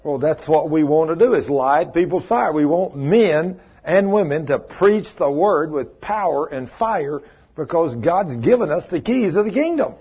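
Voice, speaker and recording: A man's voice: fairly high pitch, expressive, unhurried, husky, muffled recording. A man preaching a fervent sermon in a church, mixing stories with scripture reading. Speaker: pastor.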